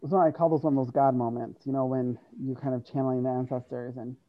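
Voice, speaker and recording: Brief: woman guest, lively storyteller who acts out quotes, heard on a dull, dry lo-fi recording. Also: very deep voice, fast, no room sound. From United States. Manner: animated, acts out quoted dialogue, laughs often. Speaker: interview guest, university staff. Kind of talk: conversational storytelling.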